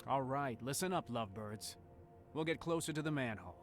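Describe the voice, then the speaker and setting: A bossy game companion, voiced by a man, who barks brisk orders at the rest of the group. His voice has a medium pitch, with soft music behind it. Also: animated, close to an everyday voice. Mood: commanding. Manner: brisk, orders people about. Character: gruff male companion leading the group, bossy.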